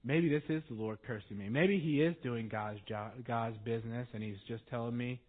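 Man playing a beaten-down king, quiet and resigned, on a tinny phone-like line. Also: medium pitch, normal speed, pitched below the performer's own voice, lightly acted. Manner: hushed, resigned. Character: weary grieving king, resigned.

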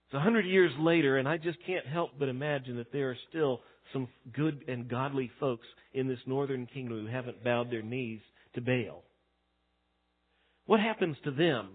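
A man preaching a sermon as a pastor, swinging between loud emphatic lines and hushed ones. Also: mid-range voice. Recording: tinny phone-like sound.

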